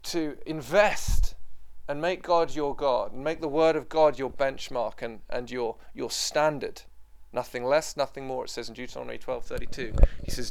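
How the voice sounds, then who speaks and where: This preacher has a mid-range, creaky voice with fairly even intonation, moving at a moderate pace with scarcely a pause. Addressing a room of listeners, he's passionate and emphatic, repeating himself, and at times lowers into quiet prayer.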